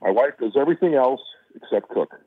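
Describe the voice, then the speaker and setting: A middle-aged man from Chicago, an actor guest telling stories in a relaxed, casual interview, often restarting his sentences. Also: mid-range voice, fairly quick, breathy edge, dry recording. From Chicago, USA. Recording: dry, phone-like line.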